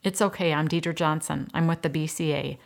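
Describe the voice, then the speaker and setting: A woman's voice: sits low, fairly even intonation, brisk, gravelly. A woman reading the lines of a female investigator, direct and matter-of-fact. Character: determined female investigator, former sheriff.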